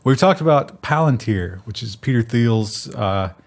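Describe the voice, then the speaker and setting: A man's voice: mid-range voice, lively intonation, measured pace. A man co-hosting a tech news show in casual chat, making dry, sarcastic jokes.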